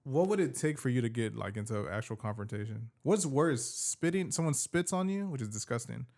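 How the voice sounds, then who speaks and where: Podcast host, man, quick and slangy, animated casual storyteller. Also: medium pitch. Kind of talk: casual chat.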